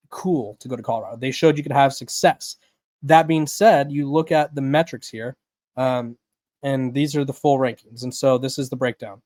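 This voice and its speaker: Sports podcast host, male, mid-pitch, quick bursts of analysis with frequent "right?", dry close sound. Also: darkish tone, no room sound. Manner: talks in rapid bursts, lots of "right?" and restarts.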